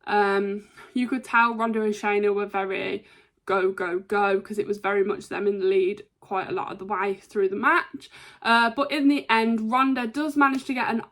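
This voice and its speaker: A woman's voice: medium pitch, level tone, moderate pace, a bit bright. Chatty woman recapping wrestling. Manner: chatty, frequent ums, brief imitations of wrestlers. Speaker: wrestling show reviewer. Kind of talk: casual recap review.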